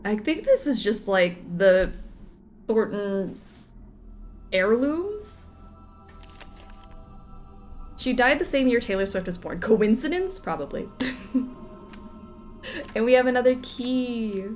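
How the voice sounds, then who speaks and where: Young gal rambling over a game, giggles a lot, quiet game music behind. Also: female voice, a little high, very animated, takes it slowly, pauses often. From Southern United States. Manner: chatty, giggly, second-guesses herself. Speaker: game streamer. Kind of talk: casual let's-play commentary.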